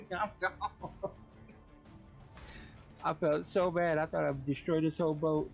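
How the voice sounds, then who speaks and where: Guy on a game stream telling stories, kinda high voice, cussing a lot, faint music behind. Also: slow, gravelly, pauses often. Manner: animated storytelling, swearing, mimics others in high voices. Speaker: streamer host. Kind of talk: casual chat on a game stream.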